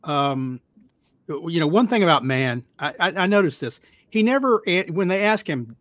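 A man's voice: a little high, animated, normal speed, fairly bright tone, dry recording. A man co-hosting a talk show, hesitant and thinking aloud, with many restarts. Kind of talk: casual discussion.

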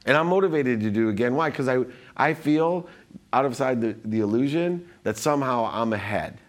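A man's voice: mid-range voice, animated, normal speed. A man talking as a podcast guest, philosophizing with energy and restarting his sentences often as he tells his story. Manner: frequent restarts and self-interruptions. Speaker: podcast guest, business executive. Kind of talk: conversational storytelling.

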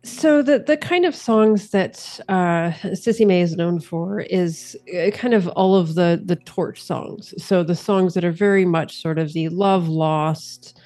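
A woman speaking casually at a tabletop game, halting and searching for words. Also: on the low side, warm tone. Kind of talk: casual chat.

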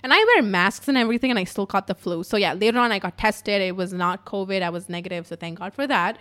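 A young woman telling a story in a casual, profane, animated way at home in her apartment. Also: mid-range voice, fast talker.

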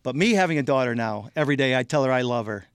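A male guest tells heartfelt stories in an animated way at a medium pitch, often repeating words. He sounds close and dry on a studio mic. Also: racing, clear, resonant tone, no echo. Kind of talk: casual interview storytelling.

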